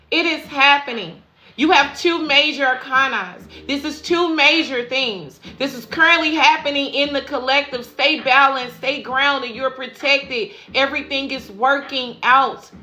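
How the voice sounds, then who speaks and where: A woman with a bright, forceful voice gives a live tarot reading in a chatty, affirming way. She keeps repeating upbeat affirmations to her viewers. Her voice rings in an echoey room, with faint music behind it. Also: high-pitched. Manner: repeats affirmations and calls listeners "y'all" and "baby". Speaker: intuitive tarot reader.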